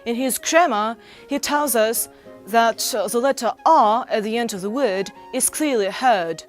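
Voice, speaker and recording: A woman's voice: on the high side, measured pace. A young Russian-native woman reading a student presentation aloud, careful and scripted. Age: young adult. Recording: faint music underneath.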